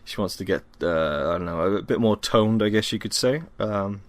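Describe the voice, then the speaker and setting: Tired from a workout, a young man from Wales rambles through his solo podcast at home, full of ums and self-deprecating remarks. He speaks at a normal speed in a lowish voice.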